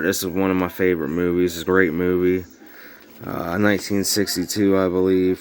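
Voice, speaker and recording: Man, deep monotone, laid-back collector vlog, slight slur, lots of ums. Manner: rambling, filler-heavy, informal grammar. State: snuff in mouth slurring words. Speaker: VHS collector vlogger. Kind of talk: casual show-and-tell. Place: home bedroom.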